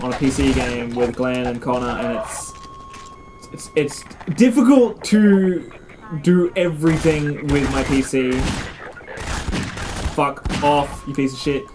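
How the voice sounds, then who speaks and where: A man's voice: mid-range voice, slight background noise. A young man casually commentating while playing a game at home, swearing a lot and yelping when things go wrong. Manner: swearing, excitable, yelps when startled. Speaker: let's play gamer. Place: home room. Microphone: desk mic and camera mic.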